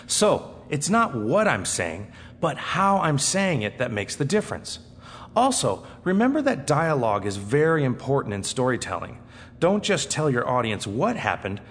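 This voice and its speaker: A storytelling teacher with a mid-range voice gives an instructional talk, demonstrating techniques expressively as he shifts from fast and excited to slow and hushed delivery. It's recorded in an echoey hall with faint noise.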